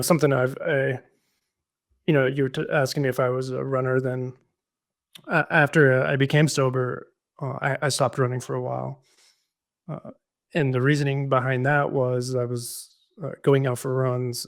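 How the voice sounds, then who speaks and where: A man's voice: medium pitch, little pitch movement, normal speed. Reflective man telling his story. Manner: reflective, with frequent fillers and restarts. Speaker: podcast guest in recovery. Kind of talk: casual conversational storytelling.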